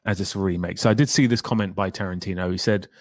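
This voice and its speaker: A man's voice: sits low, fairly even intonation, quick pace, no echo. A young man hosting a casual livestream, chatty and opinionated as he answers viewer questions. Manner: opinionated, chatty, reads out chat comments. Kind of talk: casual live stream chat.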